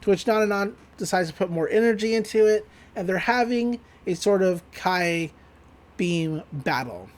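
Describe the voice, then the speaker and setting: In a mid-range voice at a moderate pace, a podcast co-host casually runs through an episode recap. He or she acts out scenes with lively character voices, swearing freely and laughing often.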